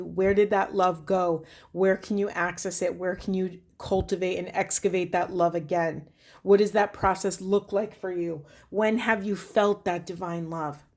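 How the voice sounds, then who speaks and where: A tarot reader with a medium-pitched, slightly mellow voice gives a spiritual reading to camera. She thinks aloud in a reflective, earnest way, uses many fillers, and pleads with her viewers.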